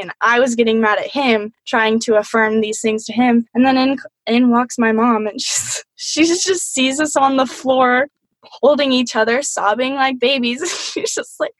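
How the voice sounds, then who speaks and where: A woman's voice: fairly high pitch, no echo. A young woman telling a personal story in an earnest, candid way.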